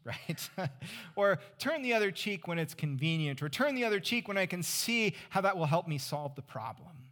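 A man preaching a sermon as pastor, conversational, asking the congregation rhetorical questions and dropping to a hush for emphasis. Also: high voice, very animated, moderate pace. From California Central Valley.

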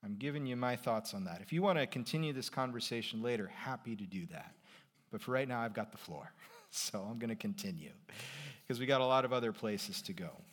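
A male pastor delivering a sermon in an easy, conversational tone. His voice sits at an ordinary, middle pitch. He climbs higher and louder to drive a point home, then sinks almost to a whisper on the big questions. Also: fairly quick. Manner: conversational and lively, rising in pitch and volume for emphasis.

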